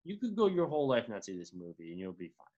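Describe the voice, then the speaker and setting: On a casual movie podcast, a male co-host vents sarcastically and in exasperation, cursing as he reviews films. His slightly mellow voice swings hugely and rapidly in pitch. The recording sounds muffled.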